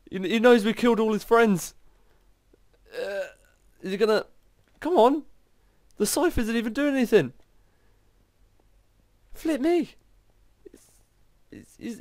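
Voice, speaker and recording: A man commenting on his video game play in an excitable, exclaiming way. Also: sits high, no room sound, clean studio sound. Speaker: gaming channel host. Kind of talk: gameplay commentary.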